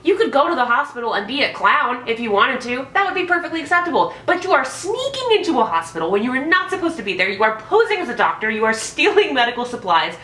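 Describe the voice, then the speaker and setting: A woman's voice: sits high, very animated, quick pace, few pauses, sharp tone, roomy sound. A young woman giving a casual, profane, sarcastic movie review and mimicking characters in mock voices.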